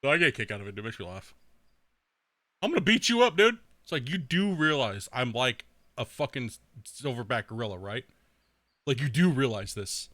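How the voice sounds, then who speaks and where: A man's voice: mid-range voice, lively intonation, brisk, fairly bright tone, no room sound, clean studio sound. A young man streaming a video game in casual chat, trash-talking with heavy profanity, laughing often and rambling with filler words.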